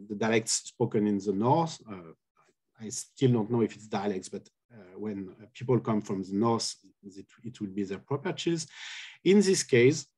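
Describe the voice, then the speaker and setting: A man giving a conference lecture on linguistics over a video call. He speaks slowly and haltingly, filling the gaps with "uh" as he walks through each example, at a middle pitch. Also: a little mellow. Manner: halting, many filler "uh"s, careful explanation. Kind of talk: academic conference talk.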